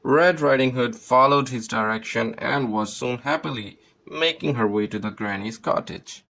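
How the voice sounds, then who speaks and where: Gravelly-voiced man narrating a fairy tale. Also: medium pitch, normal speed, low-quality recording. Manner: steady, storybook reading. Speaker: storyteller.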